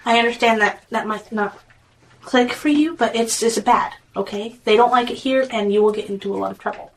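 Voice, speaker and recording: A woman playing a tabletop game, gently and patiently explaining things in character. Her voice is a little high, with faint background hiss. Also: brisk, low-quality recording. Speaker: player. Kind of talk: tabletop role-play, speaking in character.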